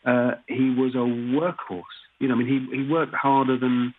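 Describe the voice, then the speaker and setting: A man's voice: mid-range voice, level tone, normal speed, a little hiss or hum. A man from Britain, an actor guest chatting in an interview, often restarting his sentences with "you know". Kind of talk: casual interview chat. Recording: tinny phone-like remote line.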